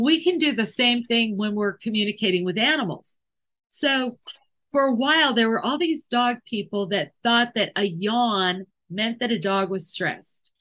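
A woman's voice: a little high, sharp tone. A woman podcast host who trains animals, explaining things thoughtfully and working through examples with small restarts. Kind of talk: casual explanatory podcast talk.

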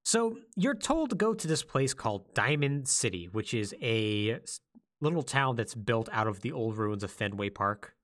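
A man on a casual podcast who swoops up and down as he tells a story. His pitch is mid-range and he jumps into the lines of each character as he goes. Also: moderate pace. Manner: animated storytelling, acts out quotes. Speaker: podcast co-host.

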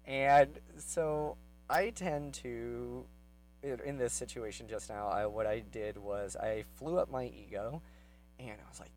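A man casually telling a personal story, rambling with many fillers and growing heated and quick as he retells his anger. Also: medium pitch, darkish tone, soft background music, low-quality recording.

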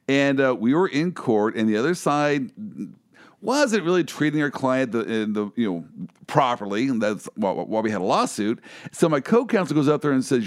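A man hosts in a mid-range voice whose pitch swings up and down with animation as he talks. He tells his stories with energy and laughs often along the way. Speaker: host, lawyer. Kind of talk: casual chat and anecdote.

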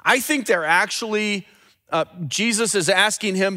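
A man preaching a sermon as a pastor, teaching earnestly and dropping low and slow when he quotes scripture. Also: animated, sharp tone. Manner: repeats and restarts words when building a point.

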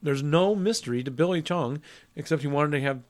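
A middle-aged man co-hosting a casual film chat, chatty and quick to laugh, acting out movie lines as he recaps. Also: on the high side, darkish tone. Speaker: podcast co-host.

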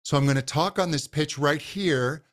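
A man's voice: a little high, moderate pace, fairly bright tone. Man patiently explaining voice technique. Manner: patient, explanatory, demonstrates vocal exercises. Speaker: voice coach guest. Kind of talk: podcast interview, explaining and demonstrating.

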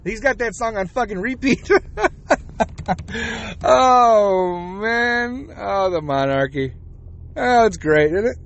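Profane high-voiced ranting man. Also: expressive, slow, long pauses, a bit bright. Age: 40s. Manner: profane, blunt, heated. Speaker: podcast host. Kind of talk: opinionated podcast rant.

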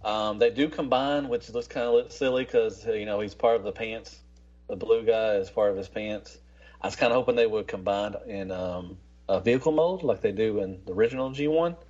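A man's voice: lowish voice, a little fast, a little mellow, highs cut off. A man hosting a podcast in casual, rambling chat, swearing freely. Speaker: podcast host.

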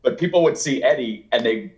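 A man with a medium-pitched voice talks fairly quickly as an author guest in a casual interview. He rambles through a long, animated story, acting out what people said and laughing as he quotes them.

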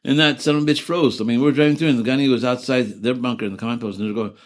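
A man's voice: mid-range voice, steady tone, rapid-fire. An older man, a veteran, telling war stories in an oral history interview, rambling and profane, trailing off into restarts and laughing through grim memories.

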